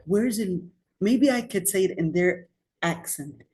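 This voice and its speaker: This Islamic studies lecturer has a mid-range, expressive voice with a darkish tone and a slightly slow pace. During her classroom lecture on religious studies, she talks conversationally and questions her class.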